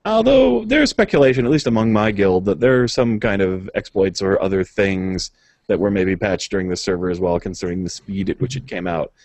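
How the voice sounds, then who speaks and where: A man's voice: deep voice, lively intonation, brisk, a little mellow, dry recording. A man co-hosting a gaming podcast, reading patch notes aloud and chatting casually, with frequent filler uhs and small chuckles. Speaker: podcast co-host.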